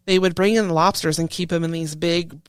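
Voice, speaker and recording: A lively woman guest tells service stories in a casual interview, her voice smooth and clean. She throws herself into quoting other people and lets her voice jump around. The sound is close and dry, with no room in it. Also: fairly low pitch, fairly quick, no echo. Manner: lively, animated storyteller who acts out quoted voices. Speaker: guest, retired Coast Guard chief petty officer.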